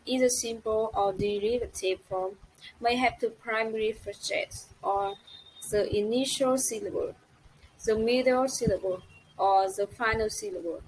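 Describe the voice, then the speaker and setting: A woman student giving a class presentation, reading slowly and carefully and spelling out letters one by one. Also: on the high side, darkish tone, slight background noise, low-quality recording.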